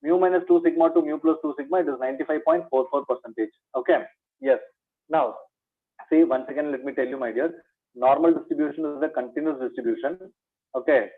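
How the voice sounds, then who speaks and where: A man teaches a maths revision class in a fairly high voice. He drills each point by asking it back to his students and calls them "my dear". The sound is thin and phone-like. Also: quick pace, breathy edge. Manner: repeats points as questions to students, says "my dear". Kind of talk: revision lecture.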